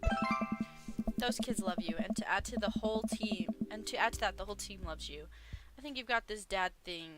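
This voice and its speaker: A woman hosting a let's play, reading out all of the game's dialogue and narration in her own voice, jokey and quick to laugh. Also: mid-range voice. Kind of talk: reading game dialogue aloud. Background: game music.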